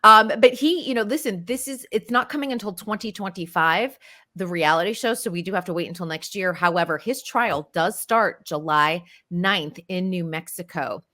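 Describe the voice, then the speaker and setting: A woman on a radio talk show, briskly running through celebrity court and family news in casual chat. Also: on the low side, sharp tone. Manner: brisk, informed gossip delivery. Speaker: entertainment news reporter.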